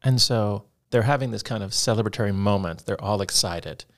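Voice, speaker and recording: A man with a fairly low voice co-hosts a podcast. He speaks in an earnest, explanatory way and keeps it casual and conversational. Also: a little fast. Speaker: podcast co-host. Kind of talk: casual chat.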